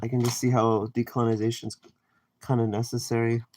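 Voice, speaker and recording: A man's voice: medium pitch, little pitch movement, a little fast, darkish tone, a little hiss or hum. A man from Canada chatting casually with viewers on a live stream while he cooks, reading out comments and rambling through his answers. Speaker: livestreamer. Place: home kitchen.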